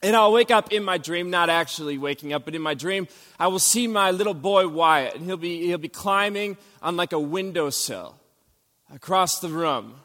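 A man in his thirties delivers a sermon as an animated storyteller, acting out scenes and breaking into loud outbursts. His voice sits a touch high for a man. Long reverb from a large hall trails each phrase. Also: moderate pace. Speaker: pastor.

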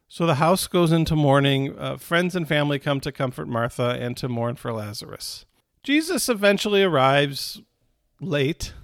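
Man with a gravelly, slightly high voice. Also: fairly bright tone, no room sound, studio quality. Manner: retells scripture in plain words, with restarts and repetition; acts out quoted characters with a raised voice. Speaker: preacher. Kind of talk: conversational Bible teaching.

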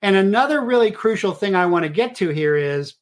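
A man's voice: high voice, animated, a little fast. A middle-aged man hosting his own show, talking in a rambling monologue full of filler "uh"s. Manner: rambling with many filler uhs. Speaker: show host. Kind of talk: casual monologue.

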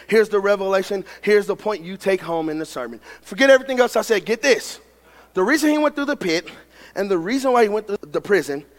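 A man delivers a sermon in a strikingly high voice, reading scripture and then building to shouted preaching. His words ring out with a long reverb, as in a large church hall. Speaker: pastor.

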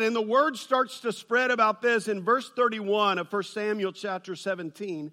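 A man preaching a sermon, telling a funny personal story and building to loud, excited peaks. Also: high voice, moderate pace, few pauses. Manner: storytelling with humor, rises to shouting. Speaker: pastor.

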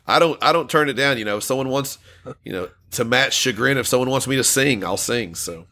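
A man's voice: medium pitch, a little fast, bright, forceful tone. A man co-hosting a casual podcast, reading out listener comments and laughing often. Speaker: podcast co-host.

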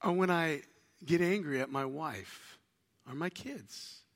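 A man preaching a sermon as a pastor, telling lively stories and acting out little household conversations. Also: on the high side, slow pace, long reverb tail. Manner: animated storytelling, acts out household dialogues.

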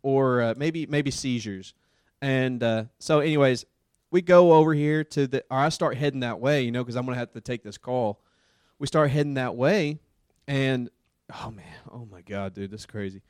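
A man who works as a paramedic tells a story in a casual, animated way, with lots of fillers like "dude" and "man". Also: medium pitch, normal speed, smooth, dry recording, clean studio sound. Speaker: paramedic and podcast host.

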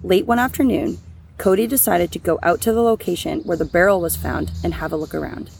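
A woman's voice: on the low side, fairly quick, gravelly, a little mellow, slight background noise. A woman co-hosting a true crime podcast, reading the case as a script and then chatting loosely about it with many restarts. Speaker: podcast co-host.

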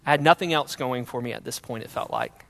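A young man telling his personal faith testimony in an earnest storytelling way, going from loud to hushed. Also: medium pitch, fairly quick, big-room sound.

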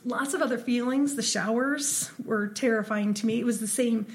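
A woman's voice: fairly high pitch, moderate pace. A woman from Ohio, co-hosting a podcast and telling paranormal stories in casual chat, with frequent ums. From Ohio, USA. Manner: chatty storyteller with frequent ums and laughs. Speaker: podcast co-host.

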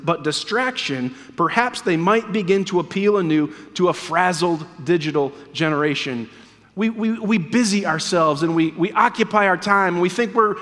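A man's voice: sits high, fairly bright tone. A man preaching a sermon in a church as pastor, earnest and emphatic, repeating key words for weight. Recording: long reverb of a church hall.

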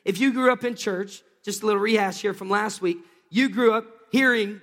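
A man preaching a Sunday sermon as a pastor, energetic, drawing the congregation into call-and-response. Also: high-pitched, normal speed, hardly any pauses, big-room sound. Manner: energetic, calls for crowd responses. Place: church sanctuary.

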